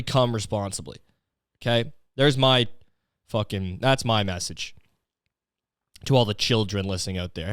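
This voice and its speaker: Young man, podcast host, sarcastic swearing rant, smooth clear voice, dry close sound. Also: medium pitch, fairly bright tone, no room sound. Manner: profane, sarcastic, ranting. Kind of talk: solo comedic rant.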